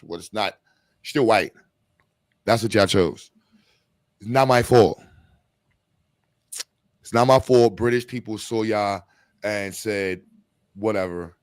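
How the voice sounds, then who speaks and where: A man's voice: on the low side, slow, long pauses, no room sound, studio quality. A man hosting a podcast, ranting in a blunt, profane, slangy way. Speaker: podcast host. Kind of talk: heated casual rant.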